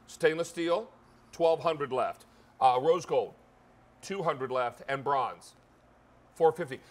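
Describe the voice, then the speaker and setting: A man's voice: on the high side, slow. A man hosting a live TV shopping show, chatty and upbeat, calling out stock counts as he sells. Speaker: TV shopping host. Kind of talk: live home shopping presentation.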